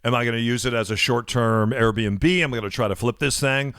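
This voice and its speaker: A man who is a realtor co-hosts a casual radio talk show, telling a story earnestly and with some emotion. His medium-pitched voice is fairly even, a little fast, fairly bright, clear and resonant. The recording is dry, with clean studio sound.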